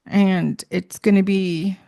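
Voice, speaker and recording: A woman's voice: medium pitch, fairly even intonation, slow, creaky, dark tone. A middle-aged woman telling a personal story in a casual, rambling way, with many fillers and restarts. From Minnesota.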